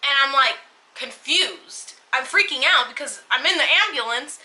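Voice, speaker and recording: A woman's voice: sits high, lively intonation, moderate pace, pushed and bright, rough recording. A young woman vlogger telling a personal story in a casual, rambling way, full of fillers and restarts. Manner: emotional, rambling retelling with many fillers and restarts.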